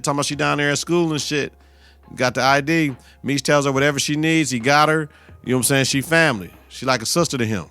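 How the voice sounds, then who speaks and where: A man's voice: mid-range voice, sharp tone, clear, resonant tone. Profane, slangy man recapping TV. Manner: profane, slangy, talks back at the screen. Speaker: podcast host. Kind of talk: casual TV episode recap.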